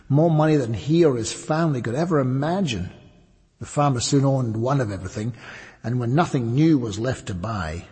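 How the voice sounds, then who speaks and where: A man narrating a fable in a measured storybook manner. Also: lowish voice, a little mellow, breathy edge, in a large hall.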